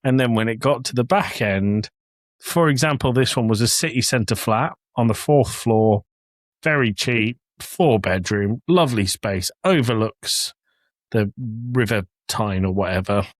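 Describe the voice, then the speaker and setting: English podcast host, young man, low-ish voice, dry close mic, jokey storyteller. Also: expressive, measured pace, no echo. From England. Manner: joking, storytelling, laughs often. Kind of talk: casual chat. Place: home office.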